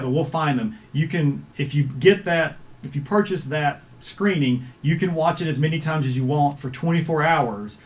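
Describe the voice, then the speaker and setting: A man hosting a casual livestream chat over a video call, speaking in an easygoing, halting way with lots of filler words. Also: a little high. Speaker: host of a filmmakers' livestream.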